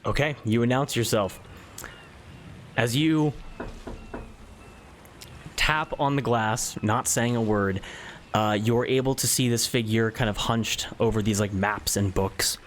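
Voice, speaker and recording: A man's voice: mid-range voice, unhurried, long pauses, a little hiss or hum. A man narrating a tabletop game as game master, rambling with many fillers.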